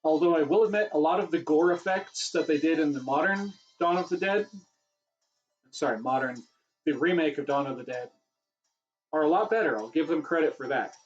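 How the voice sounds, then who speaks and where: A man's voice: fairly high pitch, a little fast, muffled recording, soft background music. A man hosting a casual livestream Q&A, rambling and correcting himself, his voice getting worn. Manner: rambling, self-correcting, chatty. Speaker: livestream host answering questions.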